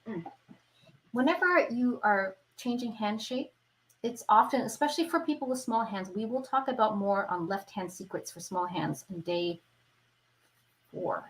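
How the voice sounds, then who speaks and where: A woman's voice: fairly high pitch, lively intonation, moderate pace, poor audio. A woman teaching an online violin lesson, who explains patiently and keeps checking in with her viewers. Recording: violin playing between phrases.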